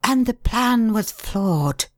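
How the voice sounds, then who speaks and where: A pale, scheming nobleman, cool and clipped with quiet menace, as a woman reads him. The voice sits low and moves slowly. The sound is dry and close. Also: expressive, slightly rough, dry recording, heavily acted. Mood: cold.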